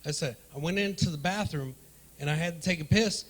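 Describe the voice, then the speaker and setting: A man doing profane stand-up comedy in a club, riffing loudly with the crowd. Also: a little high, a little fast. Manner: loud, profane, riffing with the audience. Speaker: stand-up comedian hosting the night.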